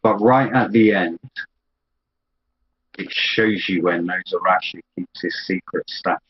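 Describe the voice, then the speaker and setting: A man narrating a tabletop role-play game as game master, telling the scene slowly and descriptively. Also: sits low, fairly even intonation. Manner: slow, descriptive storytelling. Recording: dull lo-fi audio with faint background noise.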